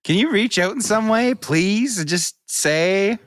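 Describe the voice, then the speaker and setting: A man co-hosting a comedy podcast, making dry, deadpan jokes. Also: high voice, takes it slowly, no echo. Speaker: podcast co-host. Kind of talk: casual comedy podcast chat.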